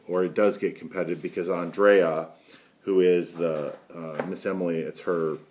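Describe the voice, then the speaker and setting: Middle-aged guy rambling on a headset, lowish voice, keeps saying right? to the camera. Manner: chatty, rambling, lots of "right?" asides. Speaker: daily video show host. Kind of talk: casual daily talk to camera.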